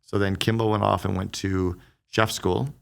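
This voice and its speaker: Middle-aged male podcast guest, deep creaky voice, rapid animated storyteller. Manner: fast, animated storyteller who acts out quoted dialogue. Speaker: guest, business strategist.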